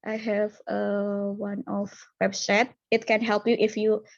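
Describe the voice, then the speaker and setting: A woman's voice: mid-range voice, monotone, measured pace, dry recording. A young woman, a guest speaker answering questions in a casual online discussion, hesitant and full of fillers. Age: 20s. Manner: hesitant, searching for words, many fillers. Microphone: video call. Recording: muffled lo-fi call audio.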